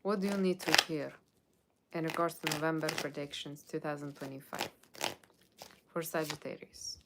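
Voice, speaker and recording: Low-voiced woman giving a chatty tarot reading. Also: steady tone, normal speed, heavy background noise. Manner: chatty, reads viewer comments aloud and answers them; puts on a playful Halloween character voice. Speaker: tarot reader. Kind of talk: live tarot reading with chat.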